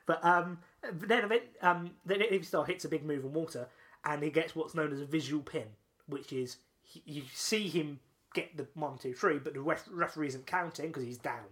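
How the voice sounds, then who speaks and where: A man co-hosting a podcast, telling a long story in casual chat, excitable and full of restarts and laughs. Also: fairly high pitch. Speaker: podcast co-host.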